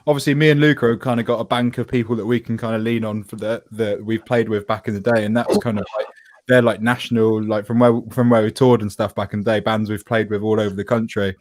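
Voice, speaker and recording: A man's voice: fairly low pitch, steady tone, fast, a little mellow, no echo. A man hosting an online show in casual chat, rambling and joking at his own expense. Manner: rambling, joking, self-deprecating. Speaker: host.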